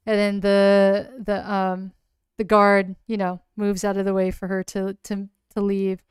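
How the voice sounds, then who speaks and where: A woman's voice: mid-range voice, completely flat delivery, measured pace, clean tone, no echo, studio quality. A woman casually recapping her solo tabletop game on a livestream, rambling with lots of "like" fillers and gushing openly. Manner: rambling, heavy use of "like" fillers.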